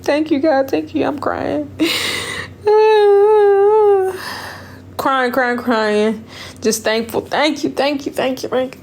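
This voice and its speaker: A young woman tells a personal story to her viewers in a loose, rambling way. She gets emotional and keeps repeating words as she quotes others. Her voice sits at an ordinary middle pitch, with a faint hiss behind it. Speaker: vlogger. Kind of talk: casual storytime vlog.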